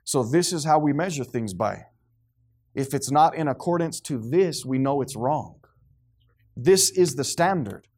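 Unhurried and a little high-voiced, a preacher delivers a lively sermon, performing the voices of those he quotes as the congregation responds with amens.

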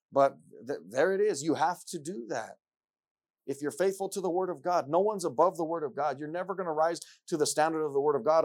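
A male pastor preaching a sermon in an earnest style, repeating scripture lines for emphasis and rising from quiet reflection to loud excitement. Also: a little high.

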